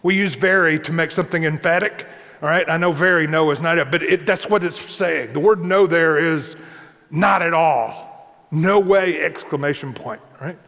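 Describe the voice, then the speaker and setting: Male pastor, conversational sermon, high gravelly voice, reverberant hall. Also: fairly quick, sharp tone. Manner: conversational preaching, repeats points, asks the congregation "right?".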